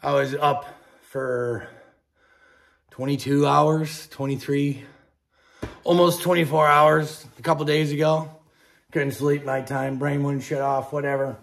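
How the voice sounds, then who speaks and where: A middle-aged man hosting a podcast, ranting angrily and profanely about politics, dropping from low mutters to outbursts while drinking beer. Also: little pitch movement, measured pace, gravelly, pauses often, a little hiss or hum. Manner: angry, profane, swings between muttering and shouting. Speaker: podcast host.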